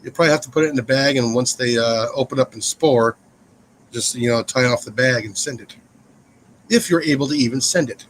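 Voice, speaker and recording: A man's voice: medium pitch, a little fast, a little hiss or hum, poor audio. A man chatting casually on a live stream, mostly giving short, offhand replies. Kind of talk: casual chat.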